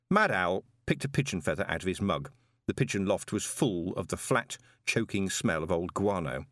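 A man narrating an audiobook in an expressive storytelling manner. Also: sits low, moderate pace, dry recording, clean studio sound.

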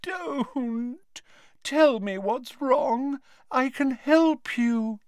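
A man voicing a whiny teenage girl ghost in an audiobook reading, crooning and shrieking in a high, wailing voice. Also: steady tone, extremely slow, bright, forceful tone, no room sound, studio quality, heavily acted.

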